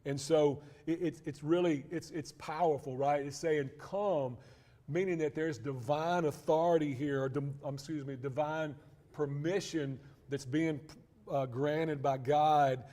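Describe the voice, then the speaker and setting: A man's voice: fairly high pitch, fairly even intonation, a little slow, mellow. Man teaching a church Bible class. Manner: conversational, with frequent restarts and asides.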